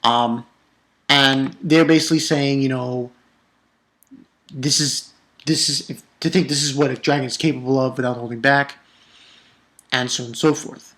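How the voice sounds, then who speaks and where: A man giving a casual spoken review of a manga chapter, ranting with exasperation and stumbling over repeated words. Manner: animated, exasperated ranting with sudden pitch jumps; halting, with frequent repeated words.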